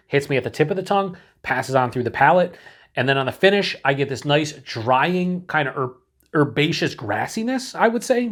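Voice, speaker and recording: A man's voice: on the high side, fairly bright tone. A man casually reviewing a beer on his own channel, rambling and mocking himself, with some swearing.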